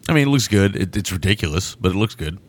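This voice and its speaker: A man's voice: low voice, lively intonation, fast talker, slightly rough. A man co-hosting a podcast, chatting casually about a film, laughing often and stammering into restarts. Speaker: podcast co-host.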